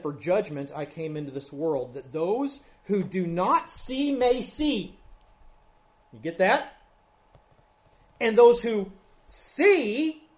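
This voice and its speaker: A male pastor preaching an expository sermon. He is earnest, drops to hushed tones, then swells to loud emphasis, and often checks in with the congregation. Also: fairly high pitch. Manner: earnest, swings from hushed to loud emphasis, keeps asking "right?".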